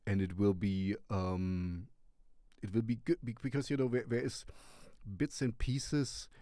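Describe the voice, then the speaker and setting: A man's voice: lowish voice, little pitch movement, measured pace, mellow, dry recording, clean studio sound. A man hosting a music recommendation show, reviewing a song casually in a rambling, hesitant way with lots of fillers. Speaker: radio-style music show host.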